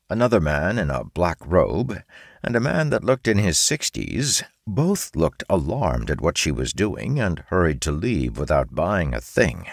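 A man narrating a fantasy audiobook in a steady storytelling manner. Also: very deep voice, gravelly, no echo, studio quality.

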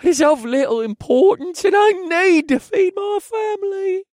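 A man voicing a nervous poor male thief who stammers and pleads in a high voice. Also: moderate pace, darkish tone, no echo, clean studio sound. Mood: pleading.

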